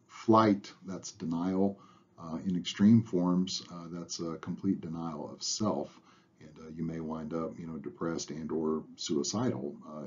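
A man with a very low, mellow voice and a slightly husky edge talks through lecture slides. He is relaxed, fills pauses with "uh," and lets his phrase ends trail off quietly. The recording sounds dull and lo-fi. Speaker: instructor.

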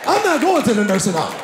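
Loud, high-pitched stand-up comedian man. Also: noisy background. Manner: loud, animated storytelling with shouted punchlines. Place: large theater stage with audience. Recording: echoey venue with crowd laughter.

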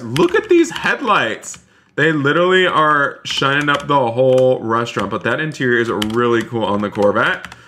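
Excitable male streamer, bright voice. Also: medium pitch. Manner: excitable, keeps addressing the chat as "you guys". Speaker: live-streaming gamer. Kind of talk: live gaming stream commentary with role-play.

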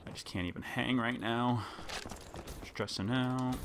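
A man's voice: mid-range voice, fairly even intonation, unhurried, heavy background noise. A man giving frustrated gameplay commentary, raging and swearing through his outbursts. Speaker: gamer. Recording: loud game gunfire over voice. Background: game gunfire and announcer.

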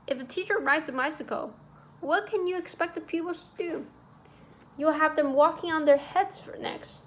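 A woman's voice: high voice, fairly bright tone, slight background noise. A woman voicing a fussy, anxious, old-fashioned male schoolmaster who lectures primly and frets. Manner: agitated, prim and lecturing.

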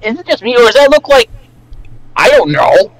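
A man hosting a casual reaction video over voice chat, excitable and swearing often with loud outbursts. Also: extremely high pitch, normal speed, no room sound, low-quality recording.

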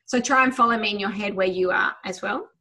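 A woman teaching a memory exercise over a video call, guiding listeners through a visualization in a quick, enthusiastic, chatty way. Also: mid-range voice, bright, forceful tone. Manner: quick, enthusiastic talker who tries to slow down; chatty, with many fillers. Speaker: memory trainer. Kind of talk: guided visualization lesson.

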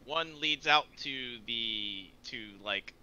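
Bright, crisp-voiced man running a game. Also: mid-range voice, rough recording. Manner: halting, searches for words. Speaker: game master.

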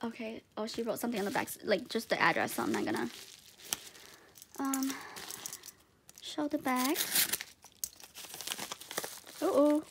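A woman filming a casual unboxing vlog at home on a tripod camera, excitable and gushing, with lots of exclamations and laughter. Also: on the high side, measured pace, creaky, pauses often, background noise. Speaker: vlogger.

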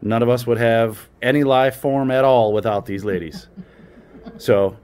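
A man's voice: medium pitch, fairly even intonation, measured pace, a little mellow, smooth. A man from the US hosting a casual cooking vlog at an outdoor grill, exclaiming with enthusiasm over the food. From United States. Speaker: cooking channel host. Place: outdoors at a grill on a windy day. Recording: wind and outdoor noise over the voice.

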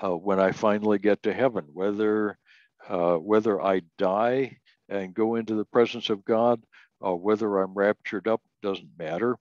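An older man giving a slow, deliberate Bible doctrine lesson, reading scripture aloud and often restarting with "uh". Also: lowish voice, fairly even intonation, darkish tone, no room sound. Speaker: Bible teacher. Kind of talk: recorded doctrine lecture. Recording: dull lo-fi audio.

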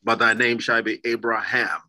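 Bright-voiced man hosting a church talk show. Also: mid-range voice, steady tone, moderate pace, low-quality recording. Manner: reads scripture aloud, then poses a question. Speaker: host.

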